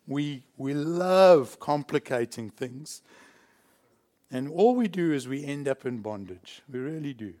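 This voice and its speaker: Emphatic preacher from South Africa, slightly high. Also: male voice, animated, slow pace, pauses often, mellow. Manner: emphatic preaching, chuckles between points. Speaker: pastor. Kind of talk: sermon.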